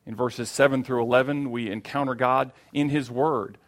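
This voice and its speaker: A man's voice: mid-range voice, steady tone, normal speed. A man preaching a sermon in a church, earnest and repeating key phrases for emphasis.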